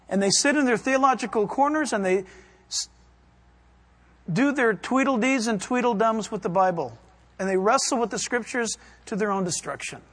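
A man preaching a sermon in a church, emphatic and impassioned, swinging between quiet asides and loud bursts. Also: high-pitched, animated, normal speed, long pauses, slightly rough.

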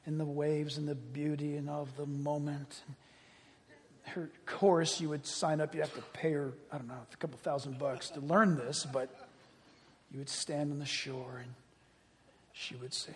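A man preaching a sermon in an animated storytelling manner, often laughing as he talks. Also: a little high, moderate pace. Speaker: pastor. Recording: long hall reverb.

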